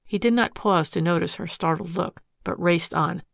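Female audiobook narrator, measured and steady, with a gravelly texture. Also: lowish voice, no echo, clean studio sound. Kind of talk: scripted narration.

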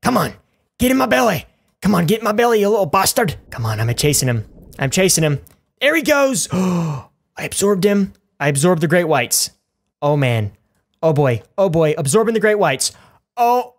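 A man's voice: a little high, animated, a little fast, vocal fry. Man, gaming youtuber, let's play commentary, goofy, rambling, crude jokes.

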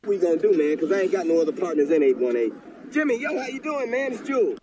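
A man's voice: sits high, sing-song, fast, a crowd in the background. An actor playing a stern, preachy hitman in his forties who speaks intensely. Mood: agitated.

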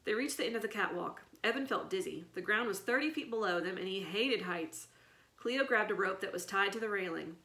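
A woman reading a children's chapter book aloud in an expressive storytelling manner. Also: mid-range voice, a little fast. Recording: echoey room.

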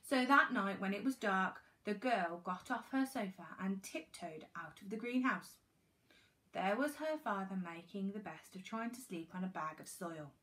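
An English woman, a primary school teacher, reading a storybook aloud to young children with animated expression. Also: mid-range voice, moderate pace.

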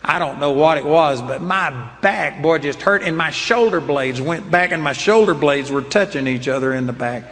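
A man's voice: on the high side, moderate pace, hardly any pauses, a bit bright. An older man preaching a sermon, telling personal stories in an earnest, emphatic way. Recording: long hall reverb.

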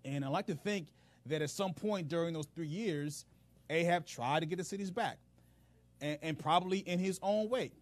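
A man hosting a faith podcast, retelling scripture in an animated, humorous way with casual slang. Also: fairly high pitch, moderate pace, no room sound. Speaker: podcast host, Bible teacher. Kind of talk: casual Bible teaching.

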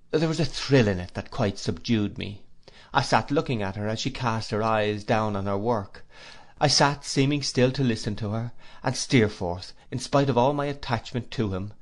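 A man giving a measured, expressive first-person audiobook narration. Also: fairly low pitch.

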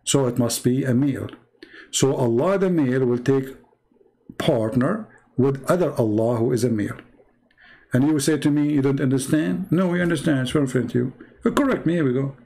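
A fairly quick, warm, mid-range male voice belongs to a Middle Eastern live-stream host whose native tongue is Arabic. He speaks broken English with an Arabic accent while sarcastically making fun of his opponent.

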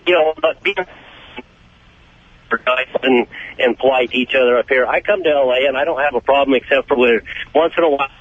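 Indignant trucker caller on a tinny phone. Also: male voice, mid-range voice, brisk, pauses often, slightly rough, no room sound. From Oregon. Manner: blunt, indignant ranting. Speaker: caller, former long-haul trucker. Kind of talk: call-in radio rant.

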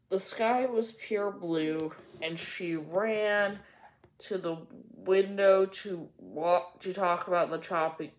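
A woman hosting a storybook reading, narrating in a gentle, measured way. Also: on the low side. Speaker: storybook reader. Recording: echoey room.

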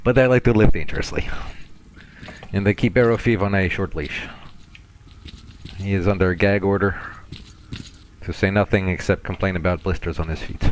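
A man's voice: sits low, normal speed, long pauses, slight background noise, rough recording. A man giving casual, joking let's-play commentary, laughing often. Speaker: gamer.

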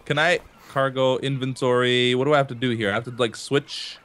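A man's voice: medium pitch, steady tone, brisk, a bit bright. A man hosting a casual multiplayer gaming session, asking curious questions as he plays. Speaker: gaming channel host.

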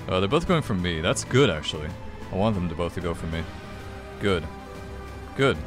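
A man's voice: deep voice, expressive, normal speed, long pauses, music in the background. A man giving frustrated, swearing commentary while playing a video game. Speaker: gaming channel host. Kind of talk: let's play commentary.

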